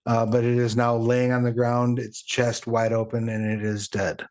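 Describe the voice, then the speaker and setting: A man running a tabletop game as game master, pausing often with fillers while he works out damage rolls. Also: mid-range voice, completely flat delivery, a little mellow. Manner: halting, with many fillers while tallying damage.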